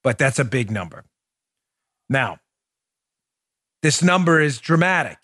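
Here a male podcast host delivers political commentary in a medium-pitched, animated voice at a measured pace, his tone fairly bright. The studio-quality recording has no room sound, and he speaks emphatically, working up to heated, repetitive points.

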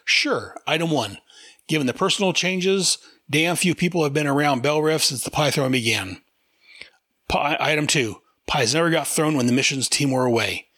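A man voicing a calm, know-it-all sleuth explaining a mystery step by step. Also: fairly high pitch, normal speed, no room sound. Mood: explanatory. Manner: matter-of-fact, explaining.

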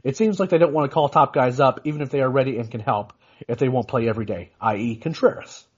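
A man talks fast as he co-hosts a casual sports podcast. He rambles, restarts often and fills with "you know". His voice is husky, with a dull, lo-fi quality. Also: medium pitch. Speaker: podcast co-host.

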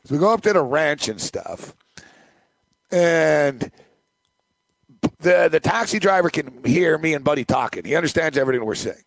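A man's voice: fairly high pitch, normal speed, gravelly, long pauses, no room sound. A middle-aged man hosting a sports radio show, telling a rambling anecdote and acting out the people in it. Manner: rambling, animated anecdote with acted-out quotes. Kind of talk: casual storytelling on a podcast.

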